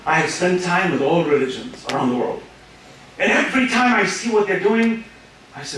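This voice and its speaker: A man giving an impassioned religious lecture, full of rhetorical questions and sometimes rising to a shout. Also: high voice, lively intonation, normal speed, slight background noise. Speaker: speaker. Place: large hall at an Islamic centre. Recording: echoey hall, speaker far from mic.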